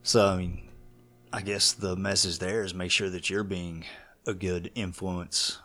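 Brief: deep-voiced man, laid-back, reflective, advice-giving co-host. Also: little pitch movement, measured pace, bright, forceful tone. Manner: easygoing, reflective, offers advice. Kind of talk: casual chat.

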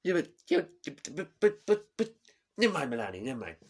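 A man doing a comic impression of a boastful, bumbling older male politician who talks loudly and stammers. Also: on the low side, measured pace. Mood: blustering. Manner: loud, stammering, whiny.

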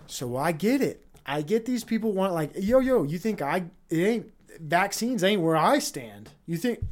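A man's voice: high voice, very animated, unhurried. A man hosting a solo podcast, ranting off the cuff with heavy profanity and frequent restarts. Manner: profane, heated, rambling with restarts. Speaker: podcast host. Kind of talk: unscripted stream-of-consciousness rant.

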